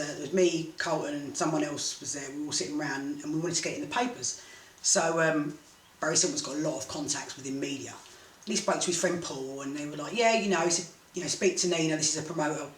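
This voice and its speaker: A woman, a boxing promoter telling animated stories as an interview guest. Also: sits low, fast talker. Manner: animated, laughing storyteller. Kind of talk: casual storytelling interview. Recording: echoey room, mic at a distance, faint noise.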